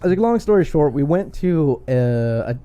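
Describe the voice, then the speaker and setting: A man's voice: fairly high pitch, expressive, unhurried, dark tone, muffled recording. A young man co-hosting a podcast, telling rambling stories with frequent laughs. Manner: laughs often, rambling storyteller. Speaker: podcast co-host. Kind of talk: casual chat.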